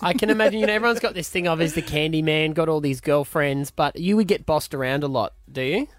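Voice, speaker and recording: A man's voice: on the high side, quick pace, dry recording. An Australian man hosting breakfast radio, chatting and joking with frequent fillers. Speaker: radio host.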